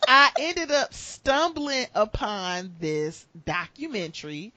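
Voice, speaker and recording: A woman's voice: medium pitch, normal speed, no echo. A woman co-hosting a podcast, chatting casually and joking around with lots of laughter. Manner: animated, joking, laughs often. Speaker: podcast co-host. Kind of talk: casual comedic chat. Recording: muffled lo-fi podcast audio.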